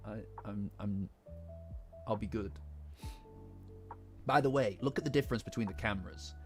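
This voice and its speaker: A man from England with a Midlands accent, recovering from the flu, chatting casually on a live stream and rambling with many restarts and casual swearing. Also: lowish voice. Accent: English Midlands. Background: faint lofi music.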